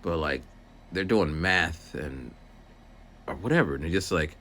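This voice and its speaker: A teacher's aide strolls outdoors telling a loose, casual story for his vlog and acting out the characters. His rumbling low voice is expressive, bright and forceful, and his pace is a little slow.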